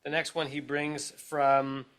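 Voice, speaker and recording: A man's voice: on the high side, level tone, takes it slowly, a bit bright. A man with an American accent, a rabbi teaching a text study class over a video call, explaining step by step and checking in with his listeners as he goes.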